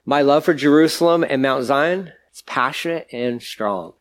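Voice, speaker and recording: A man's voice: medium pitch, moderate pace, hardly any pauses. A male pastor giving a conversational sermon, explaining scripture in a casual, chatty way with everyday asides.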